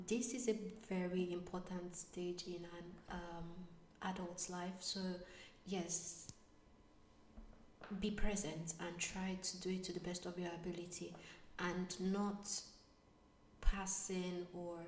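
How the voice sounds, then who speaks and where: A young adult woman, not a native English speaker, telling a personal story to camera. She keeps dropping to hushed whispers and then bursting out loud. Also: lowish voice, a little hiss or hum. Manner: animated, switching between hushed whispers and excited bursts. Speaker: vlogger. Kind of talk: casual storytelling vlog. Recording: echoey room, slightly distant mic.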